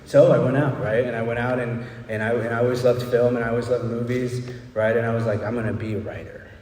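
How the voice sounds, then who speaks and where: A man's voice: medium pitch, flat delivery, quick pace, darkish tone, slight background noise. A man in his thirties giving a candid, rambling recovery talk, checking in with listeners by asking "right?" again and again. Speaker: recovery speaker. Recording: roomy hall from far off.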